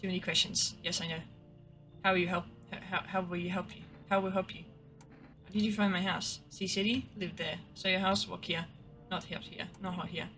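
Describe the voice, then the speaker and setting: A woman's voice: lowish voice, fairly even intonation, brisk, pushed and bright, soft background music. A woman doing a terse, broken-English stranger. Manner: terse, clipped broken phrases.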